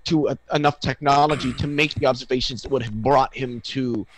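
A man in a live online debate, explaining physics with many halting restarts. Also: medium pitch, steady tone, crowd noise, low-quality recording. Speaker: debate guest.

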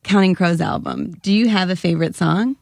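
A woman co-hosting a podcast, reacting eagerly with quick agreement. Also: fairly low pitch, vocal fry, dry recording, studio quality. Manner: enthusiastic, quick affirmations. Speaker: guest co-host. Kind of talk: casual podcast chat.

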